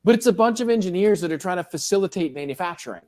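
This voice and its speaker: A man's voice: sits high, expressive, rapid-fire, dark tone. A middle-aged man, a professor, giving a casual classroom lecture, asking the class questions and joking along the way.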